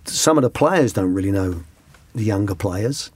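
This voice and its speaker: A man's voice: fairly low pitch, animated, normal speed, darkish tone, husky, no room sound. Man, middle-aged, anecdotal interview guest, dry close sound. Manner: rambling, restarts, slips into quoted voices. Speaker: former youth coach, interview guest. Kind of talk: conversational anecdotes.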